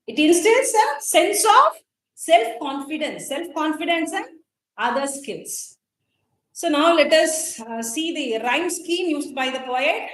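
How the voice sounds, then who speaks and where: A woman's voice: high-pitched, fairly bright tone, reverberant, a little hiss or hum, low-quality recording. A woman with an Indian English accent teaching a college English class, explaining poetic terms and quizzing students, with frequent fillers. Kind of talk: classroom lecture on a poem.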